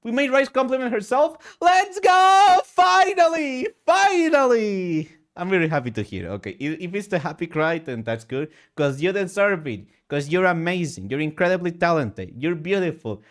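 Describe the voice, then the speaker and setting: A male streamer chatting emotionally and excitably while gaming, with sudden high outbursts. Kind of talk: casual live-stream chat while gaming.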